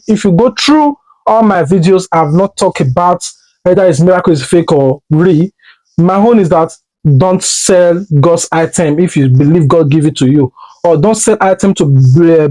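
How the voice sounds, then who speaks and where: A man's voice: high voice, dark tone, poor audio. A man with a Nigerian accent, earnestly explaining his own position to his viewers in casual commentary. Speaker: commentary vlogger.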